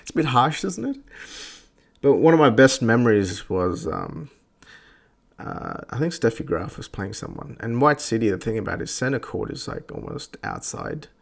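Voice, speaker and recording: A man's voice: mid-range voice, wildly swooping pitch, normal speed, creaky. A young Australian man ranting crudely and sarcastically on a casual podcast, cutting in with mocking voices. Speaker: podcast host. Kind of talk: casual rant.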